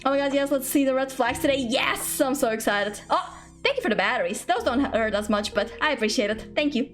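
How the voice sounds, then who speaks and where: A woman's voice: sits high, a little fast, faint music behind. A young woman streaming from home, chatting casually and playfully, giggling often, rambling and thanking viewers for gifts. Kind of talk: casual live-stream chat. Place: home room.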